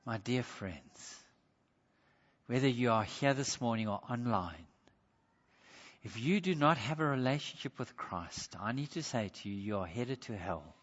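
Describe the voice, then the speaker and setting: A man preaching a sermon as pastor, impassioned, swinging from loud emphasis to hushed appeals. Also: mid-range voice, big-room sound, muffled recording.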